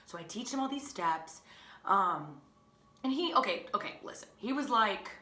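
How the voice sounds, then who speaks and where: A young woman teacher telling a family story in a chatty, animated, self-mocking way. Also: mid-range voice, moderate pace. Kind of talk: casual storytelling. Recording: echoey room.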